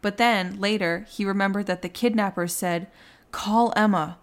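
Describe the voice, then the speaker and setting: A young woman hosting a podcast, casually telling a true crime story and acting out the quotes. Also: moderate pace. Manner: animated, acts out quotes with rising pitch. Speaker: podcast host.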